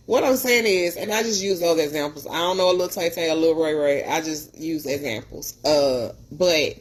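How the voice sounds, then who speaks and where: A woman's voice: deep voice, husky. A woman podcast host telling stories in an earnest, preachy way, acting out the people she quotes. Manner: earnest, preachy, animated retelling with voiced quotes. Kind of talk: storytelling monologue.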